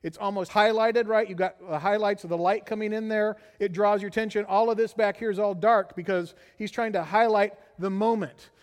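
Animated high-voiced male pastor in a hall. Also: brisk, few pauses. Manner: animated storyteller, frequent "right?" asides. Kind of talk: sermon with personal story.

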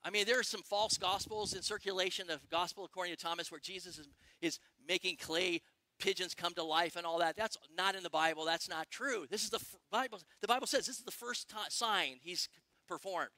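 A middle-aged male pastor preaching a sermon, excitable and animated, firing questions at the congregation. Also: high voice, no room sound. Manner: excitable, quick bursts, asks the congregation questions.

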